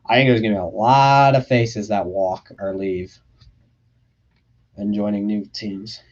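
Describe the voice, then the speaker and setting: A man's voice: on the low side, steady tone, unhurried, a little mellow. Young male streamer, casual and profane, reading chat questions, lo-fi audio. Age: young adult. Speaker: livestream host. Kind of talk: casual livestream Q&A. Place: his bedroom.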